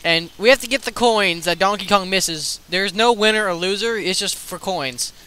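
A young man giving loud, teasing commentary while playing a party video game, breaking into sudden shouts. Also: high voice, normal speed, clean tone, rough recording. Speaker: let's play commentator. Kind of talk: excited gameplay commentary.

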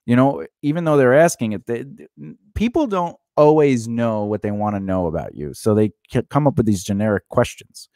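Man, mid pitch, dry close sound, animated advice chat, puts on voices for quotes. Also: normal speed, dry recording. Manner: animated, acts out quoted lines in changed voices. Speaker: podcast co-host.

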